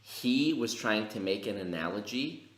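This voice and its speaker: Low-voiced man telling stories in a roomy space. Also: normal speed. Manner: animated, profane, slangy storytelling. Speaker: podcast co-host. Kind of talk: casual chat, storytelling.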